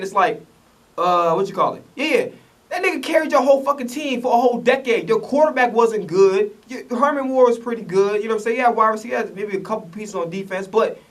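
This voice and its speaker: A man's voice: high voice, a bit bright, recorded from a distance. A man rants in casual commentary, profane and rambling, stumbling over restarts. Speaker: vlogger reacting to the draft.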